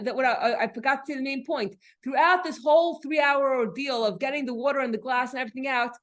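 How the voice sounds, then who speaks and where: Speaking in a slightly high voice, a woman teaches a Torah class casually and with animation. She shares personal stories and often starts her phrases over.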